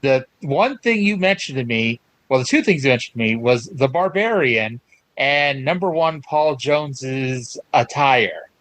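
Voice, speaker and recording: A man's voice: medium pitch, lively intonation, unhurried, a bit bright, no room sound, poor audio. A man hosting a podcast, recapping old wrestling in an enthusiastic, chatty way. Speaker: podcast host. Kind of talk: casual chat.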